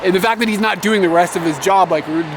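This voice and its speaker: A young man telling a story in a casual travel vlog, animated and swearing, laughing as he rants. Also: high voice, quick pace, noisy background. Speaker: motovlogger.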